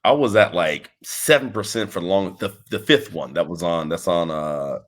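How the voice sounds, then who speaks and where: Rambling, animated man telling stories. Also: sits low, normal speed. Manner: animated storyteller, rambling with restarts, acts out quotes. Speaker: interview guest, wrestling trainer. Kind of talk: casual interview chat.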